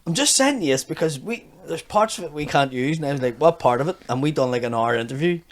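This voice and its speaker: A man with a Belfast accent, a comedian guest in casual podcast chat, telling stories in an animated way and swearing freely. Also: fairly high pitch, fast.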